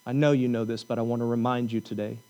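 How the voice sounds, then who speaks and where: A man preaching a sermon, repeating lines for emphasis and telling the story with animated energy. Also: medium pitch, fast talker, poor audio. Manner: repetitive, emphatic preaching with rising intensity. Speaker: pastor.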